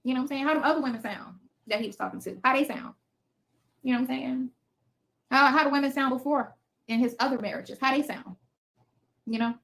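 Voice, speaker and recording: A woman's voice: high voice, fairly quick, vocal fry, long pauses, a bit bright. Blunt, foul-mouthed woman in her fifties. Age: 50s. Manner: blunt, profane, defiant. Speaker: livestream host. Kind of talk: casual livestream chat reading comments. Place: home basement.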